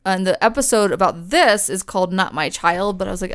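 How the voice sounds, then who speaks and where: A woman's voice: on the low side, brisk. A young woman co-hosting a podcast, telling a ghost story in casual chat, full of fillers and swearing. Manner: chatty, swears a lot, many fillers. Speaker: podcast co-host.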